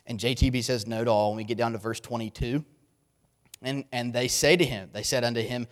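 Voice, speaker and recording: Male preacher, medium-pitched voice, earnest and emphatic sermon delivery. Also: normal speed. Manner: earnest, emphatic, repeats key words.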